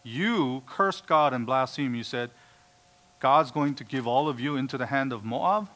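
A man's voice: medium pitch, animated, a little slow, fairly bright tone. A man preaching a sermon, emphatic, quoting scripture and acting out the voices of doubters. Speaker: pastor.

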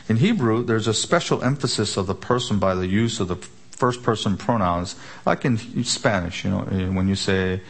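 Preacher, male, lowish voice, emphatic expository delivery with rhetorical questions. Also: creaky. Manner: emphatic, rhetorical questions, slows for key words. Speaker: pastor. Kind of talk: expository sermon.

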